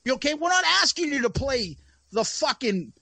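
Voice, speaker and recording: A man's voice: very high voice, big pitch swings, moderate pace, pushed and bright, no room sound. Male podcast co-host, exasperated ranter, heavy swearing, dry close sound. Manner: ranting, swears a lot, exasperated. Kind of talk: casual chat.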